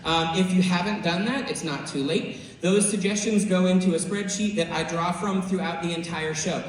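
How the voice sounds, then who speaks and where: A man with a high voice hosts an improv show, explaining the games in a relaxed way full of fillers. He is picked up from a distance in a big hall with long echo. There is a faint hiss behind him. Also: normal speed. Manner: casual, with fillers, apologetic. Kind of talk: explaining game rules to a live audience. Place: theater stage. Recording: echoey hall from far off, faint noise.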